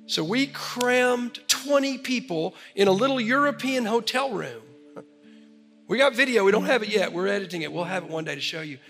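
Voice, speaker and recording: A man with a high, bright, forceful voice preaches to his congregation and tells a story with animated energy. His voice rings through a large church hall with a long reverb. Soft instrumental music plays faintly underneath. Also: gravelly. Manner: storytelling, animated, ends in prayer. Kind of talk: sermon. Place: church sanctuary.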